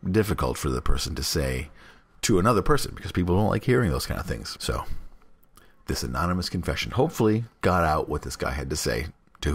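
Husky low-voiced man reading aloud. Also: big pitch swings, quick pace. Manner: reads confessions with mock anger, loose and offhand. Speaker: podcast host reading confessions. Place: at his workplace.

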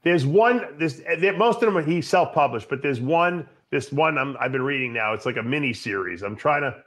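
A man hosting a podcast in casual chat, telling stories in an animated way. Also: on the high side, moderate pace. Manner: animated storytelling, laughs often. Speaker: podcast host.

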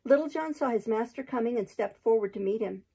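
A woman hosting her own show, reading a storybook aloud in a steady, even narration. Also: on the high side, fairly quick, breathy edge, rough recording.

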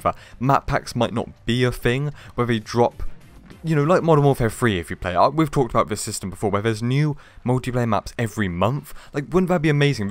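A young man hosting a casual gaming commentary video, chatty and rambling, talking straight to his viewers. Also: medium pitch.

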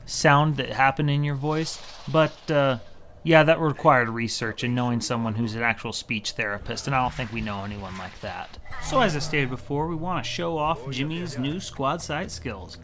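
A man from the United States giving wry, self-mocking commentary over his strategy game playthrough on a studio microphone. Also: medium pitch. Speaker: let's play host. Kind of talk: gameplay commentary. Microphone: new studio microphone.

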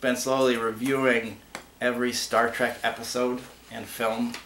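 A man's voice: medium pitch, little pitch movement, a little slow, fairly bright tone. A man co-hosting a casual online show, chatting and telling rambling stories as he answers viewer questions. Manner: rambling, chatty storyteller with restarts. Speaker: podcast co-host. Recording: echoey room with faint hiss.

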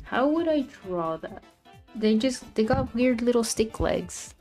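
A young woman chats with her stream while drawing, slightly high-pitched and slow-paced. She sounds flustered and keeps apologizing with little laughs. Faint music plays underneath. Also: animated, darkish tone. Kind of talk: live stream chat.

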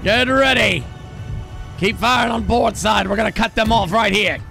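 A man's voice: high voice, normal speed, vocal fry, sharp tone, soft background music. A man streaming a pirate ship game, boisterously barking orders at his crew and laughing. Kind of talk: gaming stream commentary.

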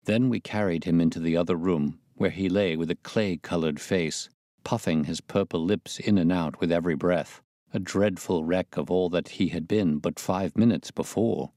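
A man narrating a classic detective story in a measured, even reading manner. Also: deep voice, dry recording, clean studio sound. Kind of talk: audiobook narration.

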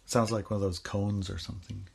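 A man's voice: on the low side, level tone, brisk, gravelly, husky. A man co-hosting a podcast, chatting casually and teasing his co-host in playful banter. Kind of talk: casual chat.

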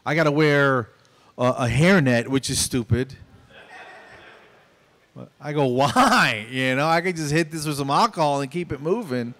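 A man's voice: a little high, normal speed, pauses often, fairly bright tone. A middle-aged man performing a stand-up comedy set on stage in a conversational, self-deprecating way. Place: stage at a small venue.

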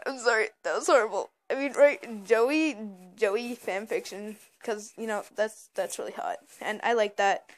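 Brief: young woman, a bit high-pitched, hyper and rambling with stammered repeats, casual vlog. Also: normal speed, few pauses. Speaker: vlogger.

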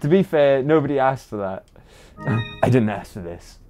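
A man's voice: mid-range voice, expressive, normal speed, dark tone, soft background music. A man with a British accent, chatting casually to viewers while livestreaming a game, rambling with lots of ums and uhs. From Britain. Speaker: game streamer.

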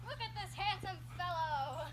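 A woman's voice: extremely high pitch, moderate pace, noisy background. A woman vlogging casually outdoors while washing her dog, chatting to viewers with rambling asides. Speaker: pet vlogger. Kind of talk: casual vlog talk to camera.

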